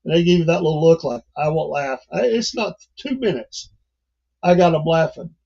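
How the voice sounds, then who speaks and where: A man's voice: a little high, animated, a little fast, gravelly, warm tone, breathy edge, highs cut off. An older man hosting a livestream, talking in a rambling, folksy way and chuckling often. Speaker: livestream host. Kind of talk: casual livestream monologue.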